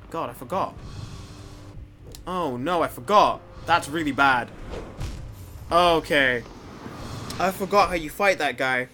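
A young man giving casual let's play commentary, rambling, swearing freely and talking to the screen, muttering quietly and then breaking into loud excited outbursts. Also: fairly high pitch. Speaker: gameplay commentator.

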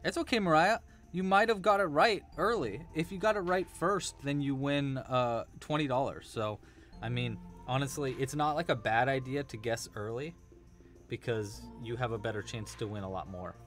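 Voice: mid-range voice, normal speed, fairly bright tone, soft background music. A crochet teacher hosting a casual live crochet-along, chatty and enthusiastic, rambling a bit with restarts. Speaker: crochet teacher and livestream host.

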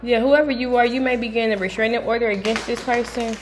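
A woman giving a casual tarot reading from home, blunt and profane, breaking into loud sudden outbursts. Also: on the high side, steady tone, fast talker. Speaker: tarot reader.

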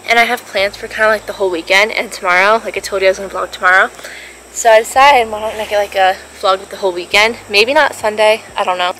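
A woman's voice: medium pitch, fast talker, pushed and bright, a little hiss or hum, low-quality recording. A seventeen-year-old girl chatting casually to her camera in a vlog, bubbly and talkative, with giggly asides. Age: teens. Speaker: vlogger. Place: at home and by a pool.

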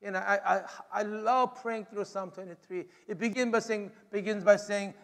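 A man's voice: sits high, fairly even intonation, moderate pace, hardly any pauses. A man preaching a sermon to his congregation, emphatic and repetitive, often saying "you know". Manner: emphatic, repeats phrases, frequent "you know". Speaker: pastor. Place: church sanctuary. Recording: long hall reverb. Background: hall reverb.

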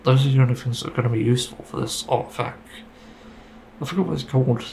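A man's voice: mid-range voice, fast, creaky, warm tone, a little hiss or hum, rough recording. A man giving a casual, rambling opinion monologue about a game, getting frustrated and swearing casually. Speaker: gaming video creator.

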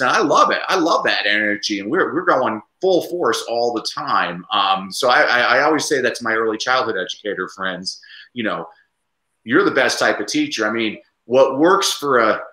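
A man speaking as a guest educator on a video call, energetic and animated, telling classroom stories. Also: mid-range voice, moderate pace, roomy sound, low-quality recording. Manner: energetic, lively, puts on voices in anecdotes. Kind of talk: animated conversational storytelling.

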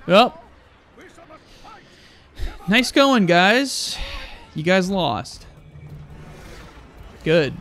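Loud, crude young man gaming. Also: high voice, very slow, pauses often. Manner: loud, crude, excitable, yelling at the game. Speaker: gaming YouTuber. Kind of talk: let's play commentary.

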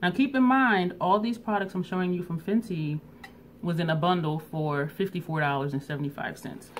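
Woman, middle-aged, casual vlog talk, lowish pitch, chatty, laughs often. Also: normal speed, a little hiss or hum. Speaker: beauty vlogger.

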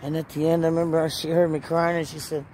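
A woman's voice: low-pitched, flat delivery, fast talker, dark tone. Earnest woman preaching outdoors over traffic. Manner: emotional, earnest, rising into urgent rhetorical questions. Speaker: Christian vlogger. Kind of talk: personal faith testimony and preaching. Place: in or beside a parked truck outdoors.

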